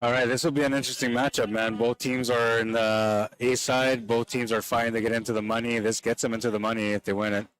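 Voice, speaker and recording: A man's voice: medium pitch, level tone, fast talker, hardly any pauses, rough recording. A man with a Canadian accent commentating a pool tournament on a live stream, chatty and enthusiastic in a loose, conversational way. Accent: Canadian English.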